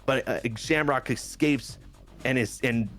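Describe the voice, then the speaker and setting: A man's voice: mid-range voice, measured pace, soft background music. Man recapping game matches, getting over a cold. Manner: lively play-by-play recap with asides. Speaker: game player and general manager. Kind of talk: casual narration of a game storyline.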